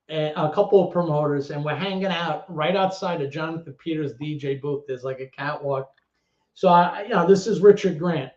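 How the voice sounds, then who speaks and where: A man with a New York accent, a former club DJ telling stories as an interview guest, animated and swearing freely. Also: a little high. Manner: animated, swearing storyteller with quick restarts. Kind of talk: casual storytelling interview. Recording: echoey room, dull lo-fi audio.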